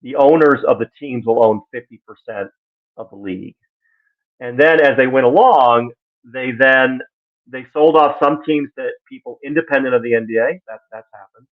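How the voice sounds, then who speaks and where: A man with a mid-range voice gives casual live-stream sports commentary at normal speed, animated and exasperated as he acts out the voices he quotes. The line sounds tinny and phone-like.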